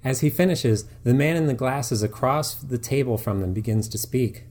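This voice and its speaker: A man reading scripted narration of a story in a measured, descriptive way. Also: medium pitch, darkish tone. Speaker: storyteller and writer.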